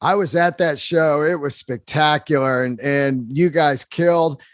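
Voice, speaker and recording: A man's voice: fairly high pitch, unhurried, dry recording, clean studio sound. A man hosting a podcast interview, recalling things with an enthusiastic fan's eagerness. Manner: enthusiastic fan recollection. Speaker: podcast host. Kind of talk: interview chat.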